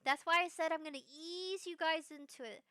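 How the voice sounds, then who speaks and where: A young woman streaming live, chatting in a rambling, bubbly way with bursts of excited squeals. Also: very high voice, normal speed, no echo, clean studio sound. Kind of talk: casual live-stream chat.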